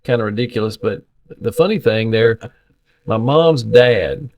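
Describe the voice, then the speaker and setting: A middle-aged man, telling animated, folksy stories as a podcast co-host in casual chat. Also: on the low side, a little slow.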